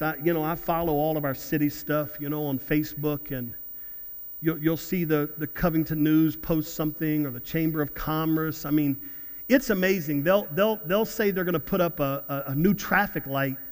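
A man preaching a sermon as pastor in church, halting and repeating words, then building to loud outbursts. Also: high voice. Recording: long hall reverb.

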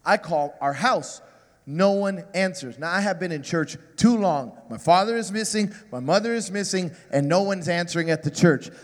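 High-voiced preacher in an echoing hall. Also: male voice, moderate pace. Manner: animated, self-mocking storyteller. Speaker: guest preacher. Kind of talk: sermon with comic storytelling.

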